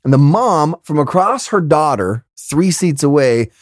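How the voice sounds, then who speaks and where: A man hosting a podcast, telling a comedic story in an exasperated, animated way with laughing asides. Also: on the high side, unhurried, dry recording, studio quality. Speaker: podcast host.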